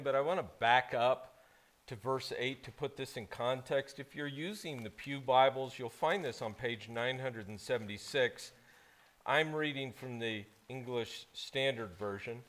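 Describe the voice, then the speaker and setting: A man preaching a sermon as pastor, reading scripture slowly and then preaching with strong emphasis. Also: mid-range voice, a bit bright. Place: church sanctuary.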